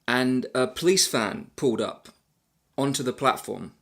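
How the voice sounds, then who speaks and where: A man tells a travel story in a loose, rambling way. He fills it with "uh"s and restarts and pokes fun at himself between sentences. His voice sits at an ordinary male pitch. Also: lively intonation, measured pace, vocal fry, a bit bright. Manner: rambling, self-deprecating, many fillers. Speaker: travel vlogger. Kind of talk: casual storytelling to camera.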